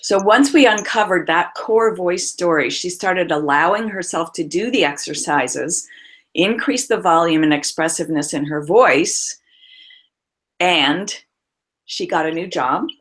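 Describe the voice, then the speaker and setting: A woman voice coach, a guest on a remote call, telling client stories expressively with frequent laughs. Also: on the low side.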